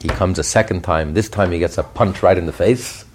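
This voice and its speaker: A man giving a podcast Torah class, telling stories in an animated way with frequent restarts and chuckles. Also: deep voice, a little fast, slight background noise. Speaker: Torah teacher.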